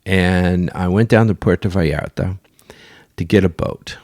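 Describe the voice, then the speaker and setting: A man's voice: deep voice, steady tone, unhurried, darkish tone, dry recording, clean studio sound. A man hosting a podcast, telling a sailing story in a casual, rambling way with crude asides.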